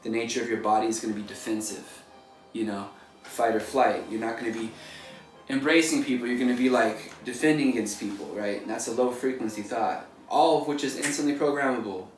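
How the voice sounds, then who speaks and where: A painter gives a casual motivational talk, rambling loosely and leaning on "like" and "you know." His medium-pitched voice runs a little fast over soft background music, picked up by a distant mic in an echoey room with faint noise.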